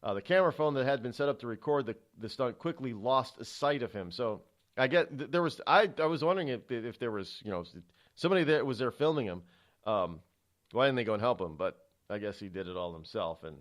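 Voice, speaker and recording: A man's voice: medium pitch, lively intonation, a little fast. A middle-aged man hosting his own radio show, talking solo in a chatty, digressive way, often restarting and repeating words as he goes. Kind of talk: rambling solo talk-radio monologue.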